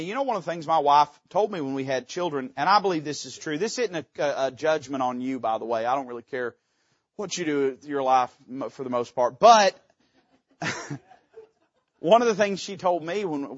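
A pastor delivers an impassioned sermon, his fairly high voice climbing into loud peaks and then dropping to quiet asides. The sound is dry and a little dull, as if recorded close on a modest mic. He speaks with folksy directness. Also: no room sound. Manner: impassioned preaching, swinging between soft asides and loud climaxes. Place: church sanctuary.

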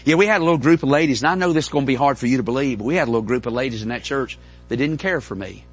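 Husky preacher telling a story. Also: male voice, medium pitch, rapid-fire. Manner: folksy, animated, with repeated stammering restarts. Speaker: pastor. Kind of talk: storytelling sermon. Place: church in front of a congregation.

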